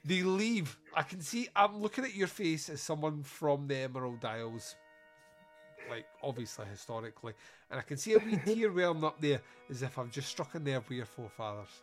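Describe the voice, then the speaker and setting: On his podcast, a man reviews a movie in a sweary, jokey way and keeps laughing at his own jokes. He speaks a little fast, with a voice on the high side and lively intonation. Faint music plays behind him.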